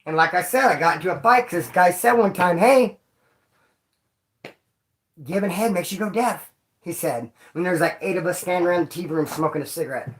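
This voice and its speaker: A man casually telling stories about his time in prison to camera, in a slangy, profane and animated way, often acting out other people's voices. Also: a little high, fast talker, few pauses.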